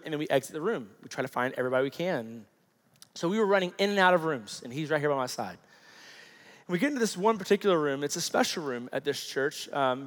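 A man in his thirties, a pastor telling a personal story in a sermon, animated and conversational with lots of fillers. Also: a little high. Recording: long hall reverb.

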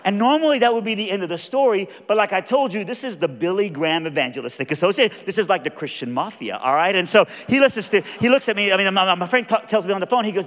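A high-voiced Southern American man preaches in a folksy, animated way, spinning a story and putting on the other people's voices. His voice rings out with a long reverb from a large hall. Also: fast, few pauses. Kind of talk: sermon storytelling.

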